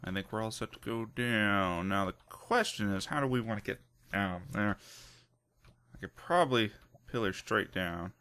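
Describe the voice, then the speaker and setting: A man hosting a let's play who gives casual, excitable commentary with lots of laughs and jokes at his own expense. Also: on the low side, moderate pace, a little hiss or hum. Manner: excitable, self-mocking, laughs often.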